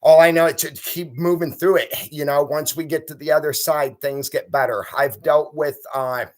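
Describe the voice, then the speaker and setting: A man hosting a casual live stream, reading viewer comments aloud and encouraging them. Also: medium pitch.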